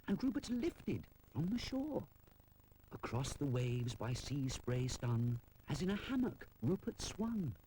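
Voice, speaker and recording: A British storyteller giving a lively, sing-song rhyming storybook narration. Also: medium pitch, slight background noise. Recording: narration over background music.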